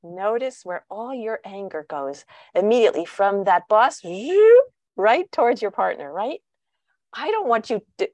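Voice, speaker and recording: A woman explains her parenting advice over a video call and acts out the voices she quotes with real energy. Her voice sits at a middle pitch. The sound is dry and close, with no room echo. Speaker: parenting author and guest speaker. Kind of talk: answering questions on a video call.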